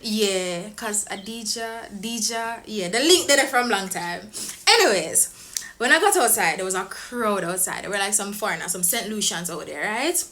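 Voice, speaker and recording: A young Jamaican woman vlogger telling a story to the camera in a casual, excitable way. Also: mid-range voice, normal speed. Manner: excitable, animated, laughs often.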